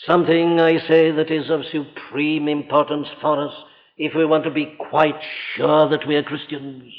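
A man's voice: on the high side, flat delivery, normal speed. A man preaching a sermon in an emphatic, rhetorical way, his voice rising and dropping sharply for stress, heard on a dull lo-fi recording in a church or large hall. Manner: emphatic and rhetorical, with sudden rises and drops.

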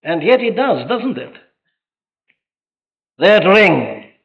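High-voiced earnest preacher, lo-fi sermon tape. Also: male voice, sing-song, drawn-out words, vocal fry. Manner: earnest, emphatic preaching with rhetorical questions and sudden rises in force. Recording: dull lo-fi sermon recording.

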